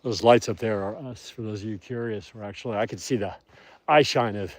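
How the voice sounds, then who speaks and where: Soft-spoken man streaming outdoors in snow. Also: on the low side, brisk, no echo. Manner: talks softly to his dog and wolves, rises when calling them. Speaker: wolf caretaker streaming live. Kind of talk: live-stream vlog narration. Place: outdoors in snow near a wolf habitat. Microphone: phone, later a chest rig.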